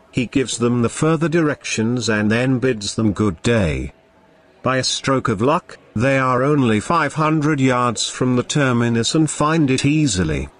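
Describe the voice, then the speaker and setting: Guy reading a funny fantasy story, slow, dry, lots of ups and downs. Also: medium pitch, animated. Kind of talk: comic fantasy narration.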